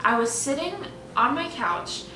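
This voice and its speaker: A woman's voice: high voice, animated, unhurried, reverberant, recorded from a distance, noisy background. A young woman, co-host of a casual chat, recalling childhood memories in a loose, filler-heavy way. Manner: chatty, filler-heavy, laughs often.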